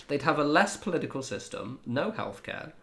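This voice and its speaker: A man's voice: a little high, sing-song, normal speed, sharp tone. Chill streamer guy chatting while gaming, laughs a lot, swears loads. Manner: laid-back, laughing, swearing freely. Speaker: game streamer. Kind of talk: casual livestream chat while gaming.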